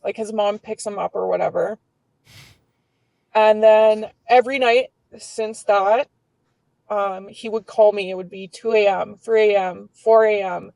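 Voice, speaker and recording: A woman's voice: medium pitch, fairly even intonation, unhurried, creaky, darkish tone, no room sound, low-quality recording. A woman in her twenties telling a personal story as a podcast guest, candid and swearing freely, with lots of filler words.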